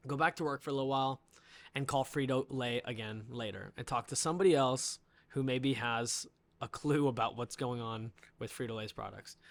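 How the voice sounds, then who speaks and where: A man's voice: medium pitch, a bit bright, no echo. A man telling an indignant story on a podcast, building up with bursts of laughter. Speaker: podcast guest. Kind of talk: animated storytelling rant.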